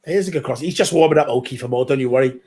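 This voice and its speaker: A man co-hosting a casual football watchalong, with a mid-pitched voice. He is easygoing and agreeable, chatting loosely and teasing his co-host. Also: racing, mellow.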